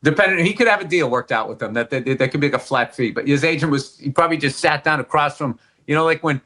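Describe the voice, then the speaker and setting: Man, podcast co-host, bright forceful tone, fairly high voice, swears freely. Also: fast talker. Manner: animated, profane, riffing. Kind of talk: casual sports chat.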